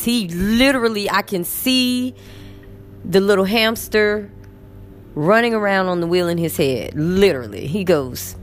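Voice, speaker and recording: A woman teacher with a Texan accent telling a story in a casual, animated vlog from her bed. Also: medium pitch, unhurried, faint music behind. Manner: animated, chatty, acts out quotes. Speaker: English teacher. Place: in bed at home.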